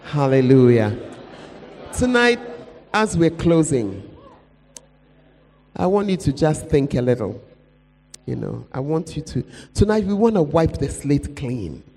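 Pleading pastor preaching in an echoey hall. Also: male voice, on the high side, sing-song, measured pace, pauses often, dark tone. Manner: pleading, call-and-response with congregation. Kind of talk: sermon. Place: church hall. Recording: echoey hall with mains hum.

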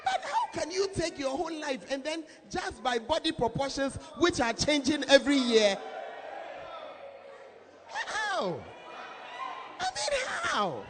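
A woman pastor preaching a sermon in a lively, shouting, laughing manner. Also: high-pitched, moderate pace, few pauses. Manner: animated, shouts and laughs often. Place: church hall with congregation. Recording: reverberant hall, faint crowd.

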